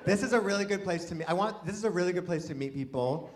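A man doing a rambling, self-deprecating stand-up comedy set with excited outbursts, before a live audience. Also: high-pitched, fast talker, a crowd in the background.

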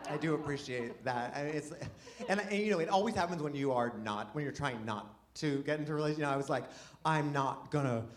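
A man doing a rambling, self-deprecating stand-up comedy set with excited outbursts, before a live audience. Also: a little high, fast, few pauses, a little hiss or hum.

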